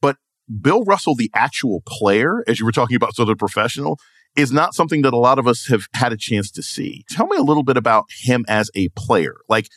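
A man's voice: mid-range voice, lively intonation, brisk, a bit bright, no echo. A man hosting a podcast interview, asking questions in a conversational way. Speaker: podcast host.

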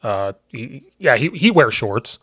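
A man from Central Illinois with a Midwestern accent, hosting a podcast in a casual, chatty way, full of restarts and quick laughs. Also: medium pitch, very animated, a bit bright, husky, no room sound, clean studio sound. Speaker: podcast host and football coach.

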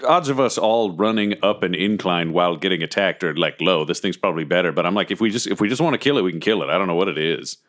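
A man playing a tabletop game, reasoning out plans in quick, casual chatter. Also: low-pitched, fairly bright tone. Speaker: player.

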